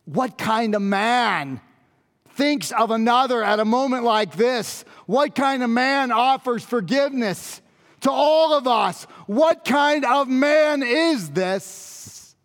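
A man's voice: extremely high pitch, expressive, takes it slowly, fairly bright tone, full character voice. A man performing a dramatic monologue as a Roman centurion, speaking intensely and pleadingly and repeating phrases for emphasis. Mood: solemn, awed. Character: Roman centurion, grave and awestruck. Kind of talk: dramatic first-person monologue. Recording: long reverb of a large hall.

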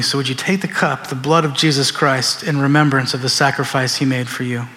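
A man's voice: mid-range voice, fairly even intonation, fairly quick, few pauses, bright, forceful tone, big-room sound, slight background noise. A man preaching a sermon in a church, conversational and storytelling, acting out quoted voices. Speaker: pastor. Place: church sanctuary.

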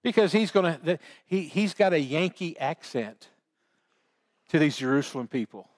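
A man's voice: a little high, animated, moderate pace. A man preaching a sermon, telling the story in a folksy, homespun way. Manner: folksy storytelling with baseball analogies.

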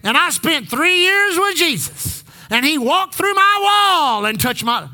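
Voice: high voice, big pitch swings, moderate pace, hardly any pauses, sharp tone. A pastor preaching a sermon in church, calling on the congregation to repeat phrases back. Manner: exhorting, call-and-response with the congregation.

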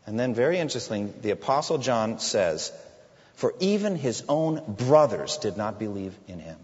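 A man preaching a sermon, expressive, dropping low and quiet when he quotes Jesus. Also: normal speed. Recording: dull echoey hall recording.

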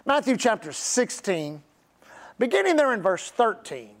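A man's voice: high voice, sing-song. A middle-aged man preaching a sermon as pastor, stretching key words and calling on the congregation to repeat after him. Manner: preacherly, drawn-out emphasis, audience call-and-response.

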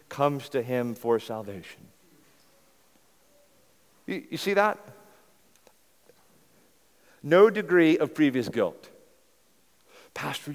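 A pastor preaching a sermon earnestly and emphatically, rising to loud insistence and dropping to hushed pleading. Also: male voice, on the high side. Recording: long hall reverb.

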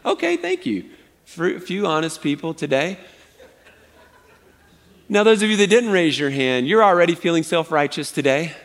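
A man preaching a sermon as pastor, conversational and animated, often asking his congregation "right?". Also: on the high side, moderate pace, pauses often. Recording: long hall reverb.

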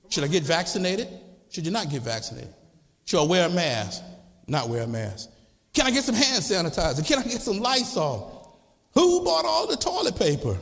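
A man preaching a sermon as a church's congregational director, impassioned and repetitive, building up to shouting. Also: fairly high pitch, vocal fry. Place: church sanctuary. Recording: long church reverb.

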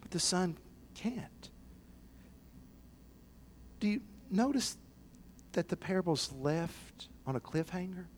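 High-voiced man preaching with big dynamic swings. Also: slow, long pauses, slight background noise. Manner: swings from quiet and low to loud shouted excitement; acts out the people in the parables. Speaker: pastor. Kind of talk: sermon.

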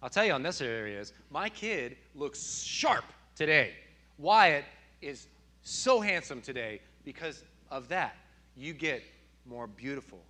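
A man in his thirties preaching a sermon, animated and telling stories with sudden loud outbursts. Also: medium pitch. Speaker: pastor.

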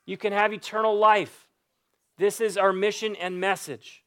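Earnest high-voiced male pastor. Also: fairly even intonation, unhurried, a bit bright, smooth. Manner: earnest, pleading, repetitive emphasis. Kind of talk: Easter sermon and prayer.

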